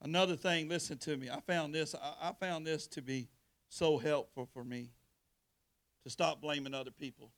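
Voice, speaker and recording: A man's voice: a little high, steady tone, normal speed. A male pastor preaching a sermon, calling out to his congregation and getting them to respond in colloquial, straightforward talk. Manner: colloquial Southern speech.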